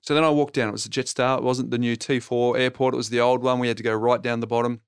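A middle-aged Australian man telling rambling, animated anecdotes in a casual podcast conversation. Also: medium pitch, fast talker, clean tone, no room sound, studio quality. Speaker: podcast guest and TV property co-host.

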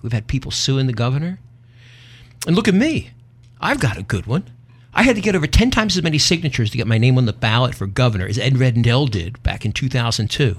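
A man hosting a talk show, chatting in a folksy, opinionated, half-joking way. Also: medium pitch. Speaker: podcast host. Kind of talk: casual talk show banter.

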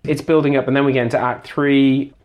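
A man co-hosting a casual film-review podcast, bantering quickly. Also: medium pitch, flat delivery, a little mellow. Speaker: podcast co-host.

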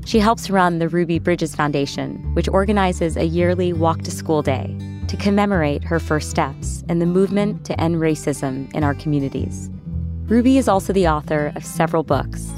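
A woman hosting a podcast, reading scripted narration in a measured, clear way. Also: low-pitched, music in the background. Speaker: podcast host.

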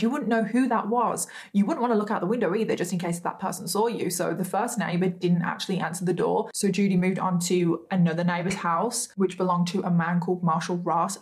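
A woman's voice: on the low side, a little mellow. A woman hosting a true crime video, retelling a case casually with frequent asides to her viewers and emphatic disbelief.

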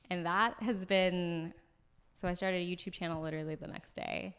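A woman from Los Angeles, a podcast guest, telling a story in a chatty, animated way, full of likes and ums, recorded in an apartment. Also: lowish voice, moderate pace, smooth. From Los Angeles, USA. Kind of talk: casual conversational storytelling. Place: floor of a new apartment.

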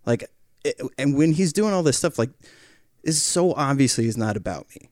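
A man in his thirties calmly tells a story on a podcast, with a mid-range voice that jumps up when he quotes someone else. It is recorded close and dry with no room sound. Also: mid-range voice, no room sound. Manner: calm, measured, quotes others in raised voice. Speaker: podcast guest, father. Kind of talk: casual chat, storytelling.

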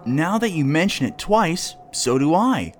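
A man's voice: a little high, very animated, a little slow, slight background noise, voice pushed up. A man voicing a clever, chatty female duck in a read-aloud storybook, with a slightly raised, friendly voice. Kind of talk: storybook character voice.

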